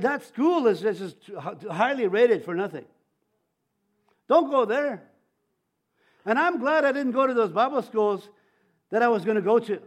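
Older male preacher, very high pitch, conversational sermon, frequent stammered repeats, bursts of volume on key lines. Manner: testimony-style preaching with many restarts and stammers. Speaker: pastor.

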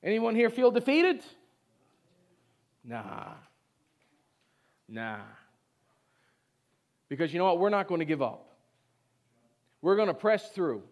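Male pastor, high voice, conversational exhorting sermon, pushes the room to answer back. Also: sing-song, takes it slowly, pauses often. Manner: exhorting, call-and-response with the congregation; conversational, repeats short phrases. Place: church service before a congregation.

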